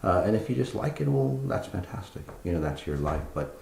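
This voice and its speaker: Blunt deep-voiced man leading meditation. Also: sing-song, brisk, creaky, a little mellow, reverberant, a little hiss or hum. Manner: blunt, swearing, many fillers and restarts. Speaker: spiritual teacher. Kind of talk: guided meditation talk.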